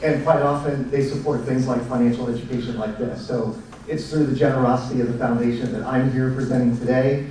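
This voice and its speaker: A man, giving a speech to educators as a presenter in a relaxed storytelling manner with fillers. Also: mid-range voice, brisk, a little hiss or hum. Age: 40s. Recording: echoey room, mic at a distance.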